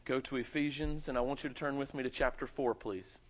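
A man preaching a sermon with dramatic swings between loud, high emphasis and quiet, low asides. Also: fairly quick. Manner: animated preaching with dramatic swings in pitch and volume. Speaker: pastor. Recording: muffled lo-fi sound.

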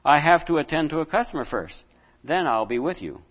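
A man's voice: a little high, sing-song, brisk, fairly bright tone. A man voicing a busy gas station attendant who speaks patiently and matter-of-factly. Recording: dull lo-fi with long reverb.

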